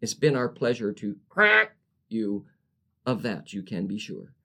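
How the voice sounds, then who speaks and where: Brief: man doing young woman at a drive-thru speaker, sugary then frosty, rhyming lines, rises sharply in pitch. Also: very animated, unhurried, creaky, pushed and bright, heavily acted. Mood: prim, icy. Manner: recited in rhyming verse. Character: sweet-voiced young female drive-thru clerk, turning icy.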